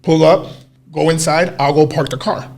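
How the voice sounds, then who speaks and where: Man, podcast co-host, casual storytelling, profane, animated, slightly high voice. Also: moderate pace.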